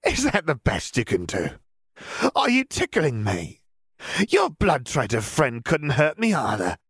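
A man's voice: mid-range voice, huge pitch swings, unhurried, a bit bright, slightly rough, dry recording, studio quality, voice pushed up, full character voice. A man putting on a sneering cruel witch. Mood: mocking. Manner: taunting, sneering. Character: mocking cruel female dark witch. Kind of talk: audiobook character voice.

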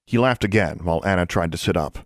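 Male storybook narrator, low and lively, close and dry sound. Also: fast, dry recording. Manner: expressive storytelling, shifts into character voices. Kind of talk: audiobook narration.

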